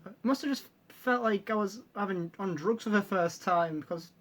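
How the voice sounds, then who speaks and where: A man's voice: high voice, moderate pace, few pauses, fairly bright tone. Sarcastic, sweary male vlogger. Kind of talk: casual reaction commentary.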